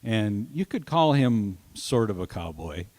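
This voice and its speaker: A singer-songwriter chats casually between songs at an open mic, his fairly low voice taking on a sing-song quality. He speaks softly and haltingly with many pauses and fillers. Guitar plays behind him as he uses a stand mic on the small indoor stage of an arts venue.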